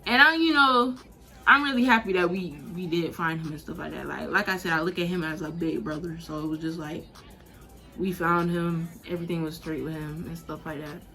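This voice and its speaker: A 19-year-old woman vlogger telling a casual, slangy storytime, animated and laughing as she goes. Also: fairly low pitch, a little fast, soft background music.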